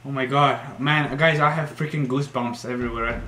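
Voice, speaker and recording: A man's voice: mid-range voice, fairly even intonation, moderate pace, few pauses. A young man, a YouTuber playing a horror game, jumpy and swearing, letting out shrieks when startled. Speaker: gaming YouTuber. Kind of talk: horror game let's play commentary. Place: room at home. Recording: echoey room with faint noise.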